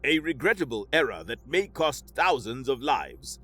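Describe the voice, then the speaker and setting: A man's voice: mid-range voice, sing-song, normal speed, pushed and bright, faint music behind. A man voicing a stern alien ship commander with a synthesized-sounding voice, formal and grave, in a sci-fi audiobook.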